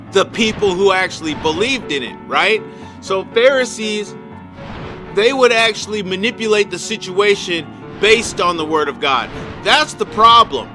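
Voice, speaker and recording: Animated, high-voiced male streamer. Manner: rambling, animated, swears freely. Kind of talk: casual livestream chat while gaming. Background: video game music.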